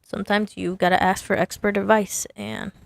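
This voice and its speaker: A woman's voice: medium pitch, flat delivery, normal speed, vocal fry, dry recording. A woman sign designer casually talking through her work, chatty and self-amused, thinking aloud as she designs. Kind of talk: casual design commentary while working.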